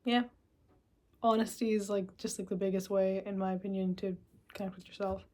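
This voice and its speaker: A woman's voice: mid-range voice, level tone, a little fast, a little mellow. A woman talking casually to the camera in a rambling, reflective monologue. She curses freely and sometimes acts out her own inner voice. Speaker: vlogger.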